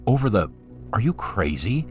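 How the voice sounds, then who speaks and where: A man's voice: very animated, measured pace, faint music behind, heavily acted. A man reading aloud, voicing an anxious young woman who hates heights, in a raised, pleading tone. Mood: panicky. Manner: higher, pleading and panicky.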